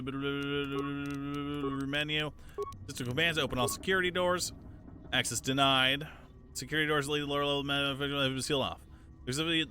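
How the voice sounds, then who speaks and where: A man's voice: mid-range voice, bright, forceful tone. Casting: offhand man streamer, mutters menus and scats, game music behind. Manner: mumbles, reads menus aloud, scats nonsense sounds. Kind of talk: casual gameplay commentary.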